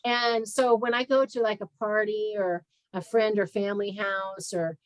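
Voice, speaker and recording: A woman's voice: medium pitch, moderate pace, no room sound, rough recording. A woman guest speaker, a health practitioner, telling her story candidly and acting out conversations on a video call. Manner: candid and animated, acts out conversations. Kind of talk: frank personal storytelling in an interview.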